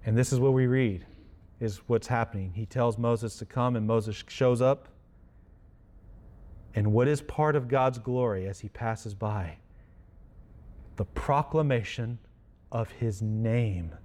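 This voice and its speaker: A man's voice: mid-range voice, slow, darkish tone. A man preaching a sermon in a conversational way, with self-deprecating humor. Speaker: pastor.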